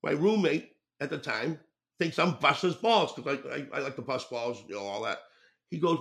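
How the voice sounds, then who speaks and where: A man's voice: fairly high pitch, big pitch swings, moderate pace, vocal fry, fairly bright tone. An older man, a former hockey player telling rowdy locker-room stories on a podcast, swearing freely and laughing through them. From Boston area. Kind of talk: casual storytelling.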